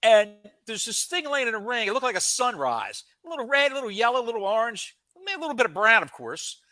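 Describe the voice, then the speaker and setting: Animated high-voiced man telling stories. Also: no echo. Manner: animated, comic storytelling with dramatic pauses. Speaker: podcast co-host. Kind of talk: casual storytelling.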